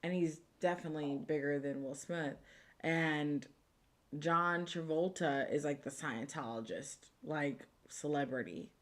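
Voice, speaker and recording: A woman's voice: sits low, a little slow. A woman co-hosting a casual true crime live stream, chatty and a little tipsy, reading viewer comments and sometimes dropping to a whisper. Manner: chatty, drops to whispers, slurs words a little.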